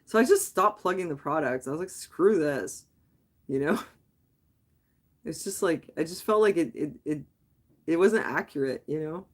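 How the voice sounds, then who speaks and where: A woman's voice: sits low, animated, moderate pace. A woman from Quebec, a native English speaker, hosting a casual late-night livestream and answering viewers' comments in a rambling, candid way. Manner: rambling and candid, thinking aloud with many "like"s and restarts. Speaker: livestream host.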